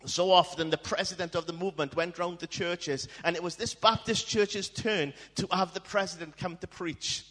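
A man preaching a storytelling sermon in a church, dramatic and swinging from hushed tones to shouting. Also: fairly high pitch. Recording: long hall reverb.

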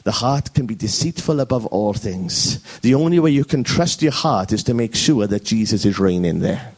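Lively preacher man checking in often. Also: fairly low pitch, moderate pace. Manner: lively, jokey, frequent "okay?" check-ins. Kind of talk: sermon. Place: church service.

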